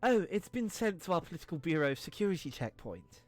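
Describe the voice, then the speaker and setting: A man's voice: on the high side, very animated, a little fast, darkish tone, pitched above the performer's own voice. A man voicing a strict young woman border guard with a put-on Russian accent, speaking in a clipped, officious way.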